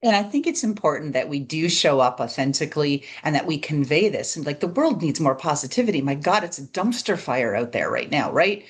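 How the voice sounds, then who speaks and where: A woman with a notably low voice hosting an interview podcast. She muses conversationally and keeps checking in with a quick "right?". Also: very animated. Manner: conversational, reflective, often tags "right?". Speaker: podcast host. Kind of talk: casual interview chat.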